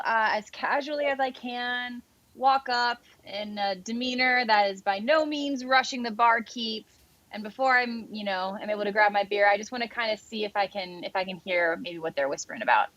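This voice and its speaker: A woman's voice: on the high side, normal speed, fairly bright tone, no room sound, dull audio. A woman playing in a tabletop game, casual and playful, often laughing. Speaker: player.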